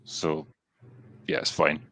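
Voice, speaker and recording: A man's voice: slow, bright, forceful tone, a little hiss or hum. A Scottish man hosting a casual podcast chat, talking in a dry, hesitant way and reading out viewer comments. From Scotland. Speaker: podcast host.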